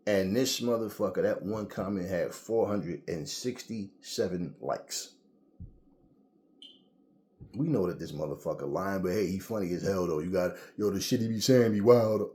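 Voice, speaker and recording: A man with a lowish voice rants casually to his viewers. He tells stories in a loose, profane way, full of slang and lively asides. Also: normal speed. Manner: profane, animated storytelling with slang. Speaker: boxing commentator. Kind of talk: casual rant to camera.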